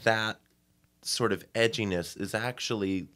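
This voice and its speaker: Hesitant, wry young man, lowish voice. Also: steady tone, a little slow, a bit bright, smooth. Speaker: guest comedian. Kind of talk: casual podcast chat.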